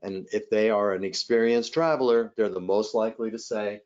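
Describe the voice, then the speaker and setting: A man leading a live hospitality sales training webcast, animated and acting out callers and agents in quick role-plays. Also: fairly low pitch, highs cut off. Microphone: webcast mic.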